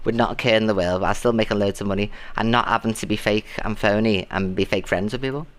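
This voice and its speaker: A British man live streaming, chatting casually and thanking viewers, often shrieking with excitement. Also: fairly low pitch, fast talker, smooth. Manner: animated, shrieking with delight at gifts.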